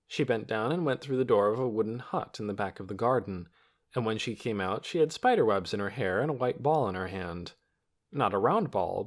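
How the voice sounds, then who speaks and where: A man with a fairly low voice narrates a children's novel audiobook, reading the scripted text in an expressive storytelling manner.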